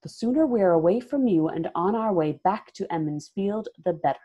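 A woman voicing a proud young village wise woman who answers with sharp, indignant retorts. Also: medium pitch, lively intonation, fairly quick, muffled recording, pitched above the performer's own voice, natural voice.

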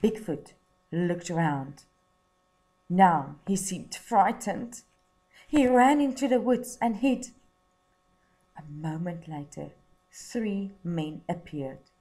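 A woman from South Africa, a teacher, reading a children's story aloud and then setting tasks in a slow, encouraging way. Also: fairly low pitch, animated, dark tone.

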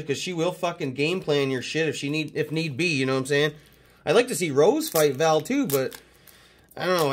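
A card-collecting host from Canada chats through his mail day, full of profanity and excited hype. His voice sits a little higher than most men's. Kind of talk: casual mail-day chat.

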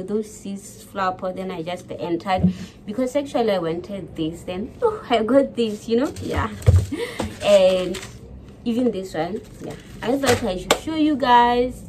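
A woman's voice: mid-range voice, darkish tone, a little hiss or hum. A woman from Botswana chatting casually through a grocery haul and package unboxing, peppering her talk with "you know" and "guys". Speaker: vlogger. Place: home.

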